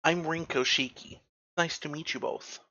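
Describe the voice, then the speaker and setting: A man voicing an unsettling young woman who is polite but quietly menacing, in a tabletop role-play, on a dull lo-fi recording. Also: on the high side, fairly even intonation, moderate pace. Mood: politely curious. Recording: dull lo-fi sound.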